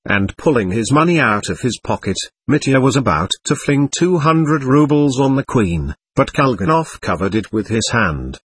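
A man narrating a novel in a steady, expressive audiobook reading. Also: mid-range voice, moderate pace, hardly any pauses, husky. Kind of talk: scripted narration.

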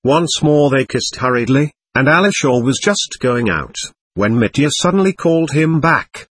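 A man reading an audiobook of a classic novel in an expressive storytelling manner. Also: medium pitch, normal speed, husky, no echo. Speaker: audiobook narrator. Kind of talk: scripted narration.

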